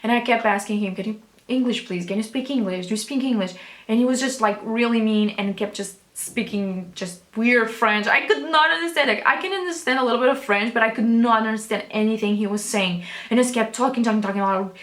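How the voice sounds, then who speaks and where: A young woman tells a storytime vlog in a loose, rambling way, restarting sentences and swearing casually. Her voice sits a little high, and the room around her is noticeably echoey. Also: brisk, few pauses, fairly bright tone. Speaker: vlogger.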